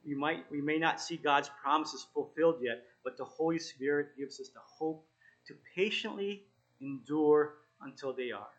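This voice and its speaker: A man's voice: fairly high pitch, lo-fi sound. Earnest, encouraging man teaching scripture. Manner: earnest, encouraging, halting with self-corrections. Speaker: Bible study teacher. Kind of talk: informal sermon with scripture reading.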